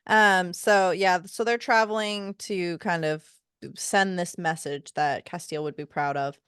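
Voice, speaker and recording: A woman's voice: on the low side, fairly even intonation, measured pace, a bit bright, clean tone, dry recording, clean studio sound. A woman co-hosting a podcast, talking through a fantasy novel and reading passages aloud expressively. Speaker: podcast co-host. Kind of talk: casual book discussion with passages read aloud.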